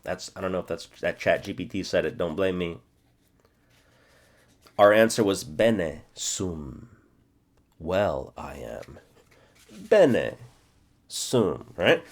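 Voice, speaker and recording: Man in his forties drilling phrases aloud. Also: low-pitched. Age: 40s. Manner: thinks aloud, checks himself, repeats phrases slowly. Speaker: language teacher. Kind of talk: self-study demo lesson.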